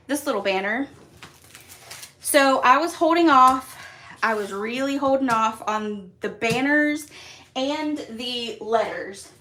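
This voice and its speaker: A woman's voice: a little high, bright, forceful tone. A woman hosting a live craft class from her home craft room, chatty and upbeat, with lots of fillers and small laughs. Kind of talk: casual live-stream craft tutorial.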